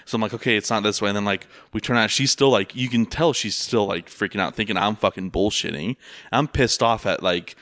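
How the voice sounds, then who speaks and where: A man's voice: fairly low pitch, brisk, fairly bright tone, dry recording, clean studio sound. A young man telling a rambling story in casual chat, full of fillers and swearing. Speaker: rideshare driver.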